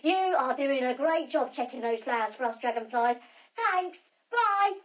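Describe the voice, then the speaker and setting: A woman's voice: sits high, lively intonation, unhurried, muffled recording. A woman voicing a friendly, easygoing male dragonfly who talks in a casual, chummy way.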